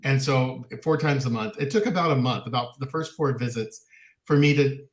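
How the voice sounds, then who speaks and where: A man's voice: mid-range voice, moderate pace, reverberant. A man co-hosting a talk show, speaking candidly and animatedly, sometimes mocking others in quoted voices. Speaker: podcast co-host. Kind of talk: casual chat.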